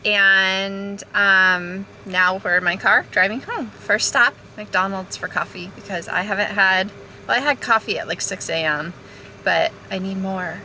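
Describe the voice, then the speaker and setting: Filming a family vlog at home and in the car, this giggly, relaxed mother from Florida talks to the camera in an unhurried way. Her mid-range voice sounds pushed and bright, and there's noticeable noise behind her.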